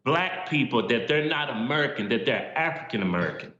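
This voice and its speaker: A man's voice: mid-range voice, animated, a little fast, pushed and bright, muffled recording. Emphatic male guest on roomy remote audio. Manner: emphatic and opinionated, punchy short statements. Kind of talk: political interview.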